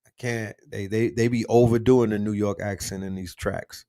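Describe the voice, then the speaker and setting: A man hosting a casual livestream, talking in slang and shouting out the cities his viewers are watching from. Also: lowish voice, steady tone, moderate pace, no echo, clean studio sound. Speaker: livestream host.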